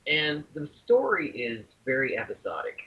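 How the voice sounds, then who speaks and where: A man from the American South talking casually on a podcast, with a husky, raspy edge to his voice. His pitch swings widely as he gets going, stumbling over words when something tickles him. The podcast audio is dull and lo-fi. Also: very animated, normal speed. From US South (Arkansas, Alabama). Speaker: podcast co-host. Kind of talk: casual chat.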